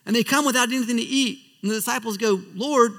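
A man's voice: very high-pitched, racing. Earnest man preaching in a reverberant hall. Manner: earnest, drops to a soft hush at phrase ends. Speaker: pastor. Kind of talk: sermon.

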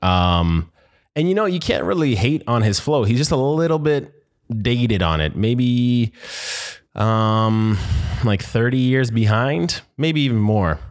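A man's voice: medium pitch, sing-song, takes it slowly. A man hosting a casual commentary show, talking through clips in a laid-back, rambling way with many fillers. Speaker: host.

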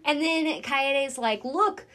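A woman with a mid-pitched voice casually retells a show's plot. She sounds relaxed and easygoing, with lots of fillers and a steady string of yeps as she agrees. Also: normal speed. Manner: relaxed storyteller, frequent fillers and "yep". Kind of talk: casual chat recapping a show.

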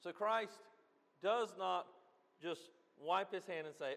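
A man preaching a sermon as a pastor, swinging from loud emphatic lines to quiet asides. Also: high voice, lively intonation, moderate pace, vocal fry. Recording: long reverb of a hall.

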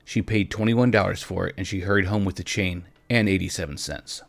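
A man with a fairly low voice reads a story aloud, gentle and unhurried. At times he turns to his listeners directly. The sound is close and dry, with no room around it. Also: steady tone, gravelly, no echo. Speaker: reader. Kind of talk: storytelling narration.

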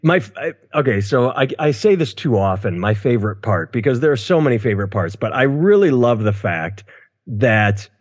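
A man's voice: medium pitch, long reverb tail. A man in his thirties co-hosting a casual comedy news podcast, sarcastic and profane, often stumbling over restarts. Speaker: podcast co-host. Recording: dull lo-fi podcast audio.

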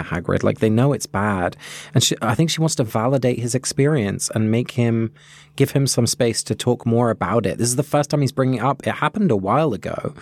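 Gravelly male podcast co-host. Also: medium pitch, no echo. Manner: reflective, guides listeners gently. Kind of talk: casual podcast discussion and reading aloud.

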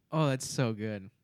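A man's voice: mid-range voice, no room sound. A man chatting casually, reacting with laughter and exclamations. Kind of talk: casual chat.

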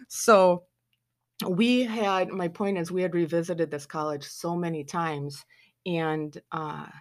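A woman telling a family story as a mother, in a casual, animated way, acting out quoted lines with sarcastic asides. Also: on the low side, takes it slowly.

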